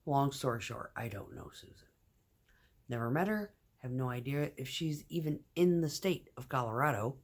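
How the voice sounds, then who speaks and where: A woman's voice: extremely low pitch, expressive, normal speed. A woman telling a rambling, profane story in casual vlog style, often dropping to a whisper. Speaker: vlogger.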